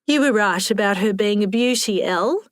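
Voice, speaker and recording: A woman's voice: mid-range voice, moderate pace, dry recording, studio quality, lightly acted. A woman voicing a frail, bird-like elderly lady who gushes eagerly.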